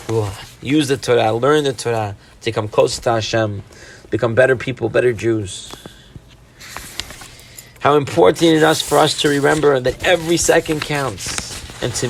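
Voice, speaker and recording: A man's voice: mid-range voice, gravelly, a little hiss or hum. A man, a rabbi, delivering a weekly Torah-portion sermon, earnest, with rhetorical questions and Hebrew religious terms.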